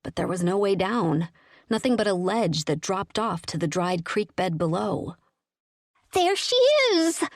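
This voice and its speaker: Woman, audiobook narrator, first-person storytelling, lower voice, steady delivery, dry close sound. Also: moderate pace, no echo.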